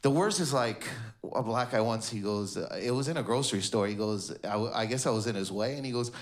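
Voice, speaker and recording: A man from Canada doing stand-up comedy in a clothing store, animated and laughing through his lines. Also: on the low side, fairly quick. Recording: echoey store with background noise.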